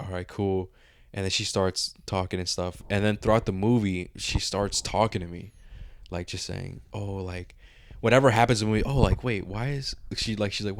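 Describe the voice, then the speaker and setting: The clip is clean, echo-free studio audio of a man in his twenties co-hosting a podcast, his voice low and creaky. He's animated while telling a story casually, swearing liberally and voicing the characters' lines.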